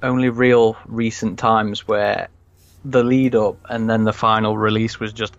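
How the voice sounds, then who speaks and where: A man's voice: fairly low pitch, little pitch movement, a little slow, smooth, no echo. A man in casual podcast chat, telling long rambling anecdotes full of restarts. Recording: slightly dull, dry recording.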